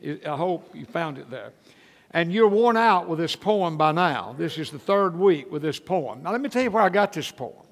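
An older pastor tells stories from the pulpit in a folksy, self-deprecating way. His voice sits high and carries a gravelly edge. The sound rings with the long reverb of a large hall. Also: expressive, moderate pace. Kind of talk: sermon.

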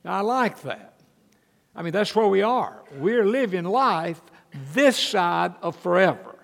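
A man's voice: high-pitched, lively intonation, a little slow, gravelly, a bit bright. An older man, delivering a sermon as a pastor in folksy storytelling fashion, with self-deprecating humor. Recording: echoey hall with long reverb.

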